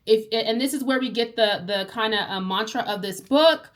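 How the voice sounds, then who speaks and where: A woman's voice: a little high, moderate pace, hardly any pauses. A woman casually summarizing a book for her book club audience, chatty, with fillers and frequent swearing. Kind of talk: casual book review chat.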